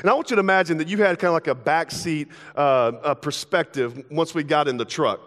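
Young pastor preaching loose and playful, lots of little acted-out asides, echoey church. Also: male voice, fairly high pitch, a bit bright. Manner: casual, playful, acts out everyday dialogue in quick asides. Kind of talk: sermon. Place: church sanctuary. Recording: long hall reverb.

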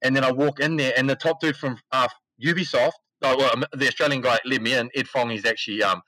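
A man's voice: mid-range voice, quick pace, dry recording, low-quality recording. A man telling a story in casual, slangy talk as a podcast guest, acting out the quotes. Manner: animated, slangy, acts out quotes. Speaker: podcast guest, esports CEO.

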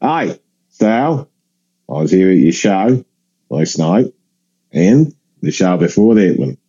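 A man voicing a blunt older Australian cruise regular with an Australian accent, gruff and lecturing. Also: low voice, sing-song, takes it slowly, mellow, lo-fi sound, heavily acted.

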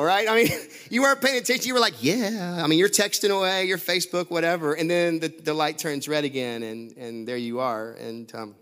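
A man preaching in a lively, chatty way, slipping into laughter and stumbling over restarts as he tells a story. His voice sits a little higher than most men's. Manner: animated, laughing often, many restarts and fillers. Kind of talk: sermon with storytelling.

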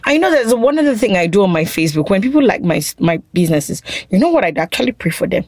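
A woman, co-hosting a casual chat and telling stories in an animated way. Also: mid-range voice, fast, no echo. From Nigeria. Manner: animated storytelling, quotes others in mocking voices. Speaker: podcast co-host.

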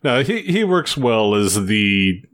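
A man co-hosting a casual film podcast, measured and agreeable. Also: on the low side, very animated, over a noisy crowd. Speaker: podcast co-host. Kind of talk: casual podcast chat about films.

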